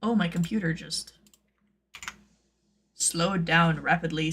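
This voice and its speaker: A woman who makes cosplay patterns, chatting casually on her stream, rambling with lots of "like" and playful jumps into high silly tones. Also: brisk, vocal fry, fairly bright tone, a little hiss or hum.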